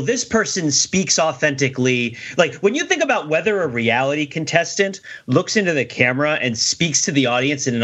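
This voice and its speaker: A man's voice: a little high, a bit bright, husky. A man on a podcast panel, talking emphatically and tagging his points with "right?", who says he is losing his voice. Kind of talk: casual podcast discussion.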